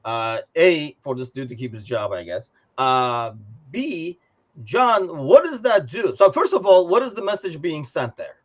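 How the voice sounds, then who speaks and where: A man hosting a casual fan podcast, talking in a thoughtful, measured way that trails off. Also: on the high side, sing-song. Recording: slightly dull lo-fi audio.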